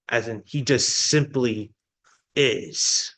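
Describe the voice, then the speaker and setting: A man's voice: medium pitch, big pitch swings, slow pace, fairly bright tone. A male pastor delivering a sermon, explaining a Bible passage in a teaching manner with frequent restarts.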